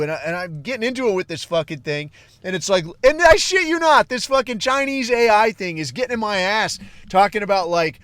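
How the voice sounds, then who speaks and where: A man's voice: sits high, lively intonation, fairly quick, a bit bright, no echo. A man hosting a podcast, talking in a casual, profane, rambling solo monologue that flares up into heated outbursts. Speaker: podcast host.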